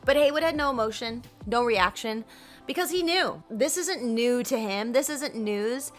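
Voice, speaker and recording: Over soft background music, a woman with a fairly high voice hosts a storytelling video at a moderate pace. She retells history in a casual, chatty way, swearing freely and acting out every character's lines.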